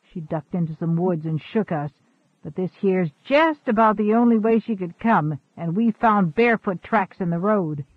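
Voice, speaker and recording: A man's voice: sits high, moderate pace, dry recording, phone-quality sound. A man voicing a burly, blustering slave catcher who makes threats.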